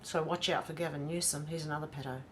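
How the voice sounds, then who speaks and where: A woman's voice: low voice, fairly even intonation, fast, a little hiss or hum. An Australian woman hosting a casual livestream, reading viewer comments aloud and greeting each by name. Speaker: livestream host reading chat.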